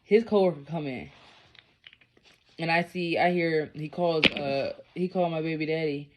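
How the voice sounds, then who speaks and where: A woman's voice: sits low, moderate pace, background noise. A woman vlogger telling a personal story in a casual, blunt, profane and rambling way.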